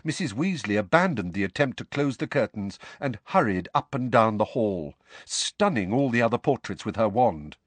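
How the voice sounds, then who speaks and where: A man narrating an audiobook with a dramatic, expressive reading. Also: fairly low pitch, normal speed, few pauses, no room sound.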